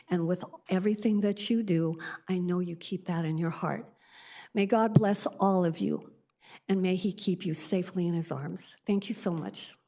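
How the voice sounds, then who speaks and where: Woman, public commenter, low voice, earnest, heartfelt. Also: fairly even intonation, normal speed, dark tone. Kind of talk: public comment at a council meeting.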